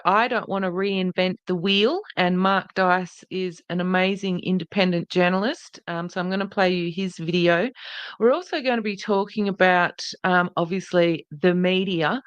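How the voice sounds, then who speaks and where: A woman's voice: mid-range voice, steady tone, a little slow, a bit bright, smooth, no room sound, highs cut off. A woman hosting a podcast livestream in a casual, chatty way, greeting viewers by name and speaking earnestly and indignantly. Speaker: podcast host.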